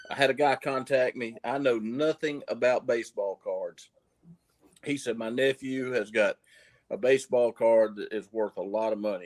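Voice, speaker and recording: Brief: Southern man, coin-dealer guest, folksy yarn-spinner, mid pitch, restarts and repeats. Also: darkish tone. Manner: folksy storyteller, repeats words as he goes. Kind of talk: casual livestream chat.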